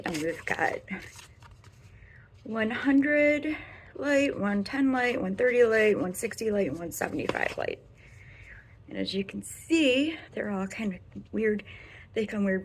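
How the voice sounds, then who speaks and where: Speaking in a lowish voice over a little hiss or hum, a young woman from the American Midwest reviews makeup in a laid-back bedroom vlog. The beauty vlogger has a Midwestern accent, rambles as she talks and frequently drops to a whisper.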